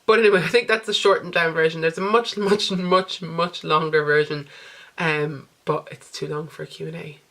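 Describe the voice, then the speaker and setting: Irish woman in her twenties, lower voice, chatty, rambling home Q&A. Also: fairly even intonation, moderate pace, fairly bright tone. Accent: Irish, with a posh English tinge. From Ireland. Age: 20s. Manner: chatty, rambling, laughs often. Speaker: vlogger. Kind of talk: casual Q&A chat. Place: home, indoors.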